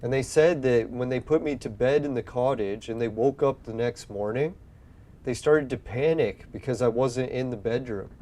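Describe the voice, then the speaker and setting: Young male gaming host, relaxed mellow voice, rambling storyteller, swears a lot. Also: mid-range voice, normal speed. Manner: rambling, swears often, acts out his own past lines. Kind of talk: casual storytelling while playing a game.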